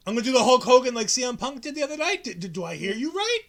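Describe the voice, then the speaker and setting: A man's voice: extremely high pitch, very fast. A man co-hosting a wrestling podcast, chatting casually and acting out quotes with lots of restarts. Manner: animated, acts out quotes, many restarts. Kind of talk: casual chat recapping a show.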